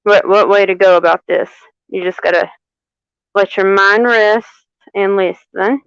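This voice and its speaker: A woman giving a live tarot reading, unhurried and repeating phrases for emphasis. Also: mid-range voice, fairly even intonation, clean tone, no echo, muffled recording. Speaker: tarot reader.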